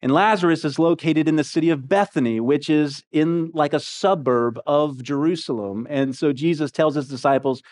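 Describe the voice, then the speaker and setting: A man's voice: fairly high pitch, normal speed, few pauses, darkish tone. A man preaching a sermon in a conversational, emphatic way, often asking his listeners rhetorical questions. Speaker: pastor.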